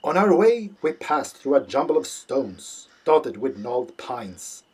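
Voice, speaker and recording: A man narrating a literary audiobook in a dry, deadpan way. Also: mid-range voice, a little slow, husky.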